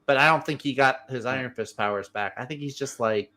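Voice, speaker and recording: A man co-hosting a casual livestream chat about comics, animated and quick to laugh, often restarting his sentences. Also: medium pitch. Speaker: co-host.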